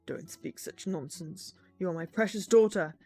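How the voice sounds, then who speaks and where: A woman voicing a protective father in a visual novel, gentle but firm. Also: on the low side, moderate pace, faint music behind.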